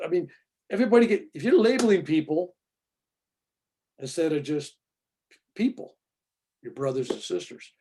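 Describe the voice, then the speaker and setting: A male reverend answering a student's question in an informal spiritual talk, animated and acting out the voices he quotes. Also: on the high side, normal speed, pauses often.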